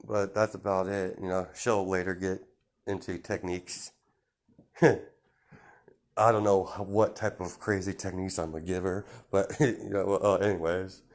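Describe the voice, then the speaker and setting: A man improvises a rambling, casual story in a low-pitched voice, with flat delivery and a measured pace. He restarts often, uses lots of fillers, and chuckles at himself.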